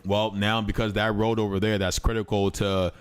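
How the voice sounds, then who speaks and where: A man's voice: on the low side, little pitch movement, moderate pace, clear, resonant tone. Slangy streamer man, blunt and repetitive. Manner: slangy, repeats himself, apologetic yet blunt. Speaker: streamer reacting to a clip. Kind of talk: casual live-stream commentary.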